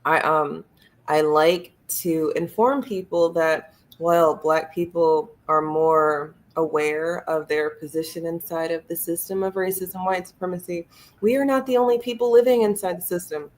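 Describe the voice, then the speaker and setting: Lower-voiced woman, thoughtful co-host. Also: steady tone, a little slow. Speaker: podcast co-host. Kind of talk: casual discussion.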